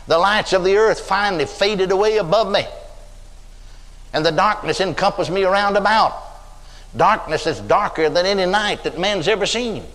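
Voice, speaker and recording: A man's voice: high voice, moderate pace, fairly bright tone. An older man preaching a sermon, telling stories in a folksy way and acting out the voices of the people he quotes. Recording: long hall reverb.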